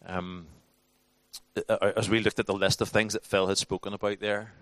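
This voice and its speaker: A man's voice: fairly low pitch, level tone, moderate pace, fairly bright tone, dry recording. A man teaching a church class in a conversational, informal sermon style, with frequent restarts and acted-out quotes.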